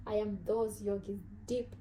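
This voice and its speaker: A woman's voice: mid-range voice, little pitch movement, measured pace, mellow, slight background noise, low-quality recording. A woman with an African accent, talking casually to camera about self-growth in an earnest, reflective way, often restarting and repeating words. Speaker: vlogger.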